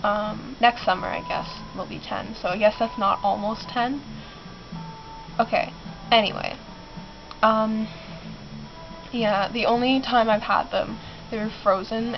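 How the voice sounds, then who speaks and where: A teenage girl who is sick, rambling and giggling through a casual vlog from her bedroom, with many ums. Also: mid-range voice. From Canada. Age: teens. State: sick, clearing her throat. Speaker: vlogger. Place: bedroom in a basement. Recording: muffled lo-fi with clear background noise.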